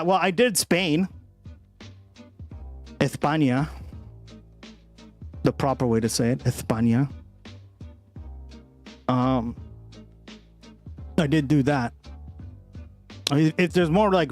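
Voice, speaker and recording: A man's voice: on the high side, expressive, moderate pace. Young male streamer, casual and profane, rambling chat with his viewers, faint music behind. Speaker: political livestream host.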